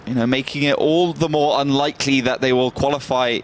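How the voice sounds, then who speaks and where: A male esports caster talking through a match in a loose, chatty way, stopping now and then with fillers and restarts. His voice sits at an ordinary middle pitch. A faint hum of ambience runs underneath. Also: fairly even intonation, brisk. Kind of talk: casual play-by-play analysis.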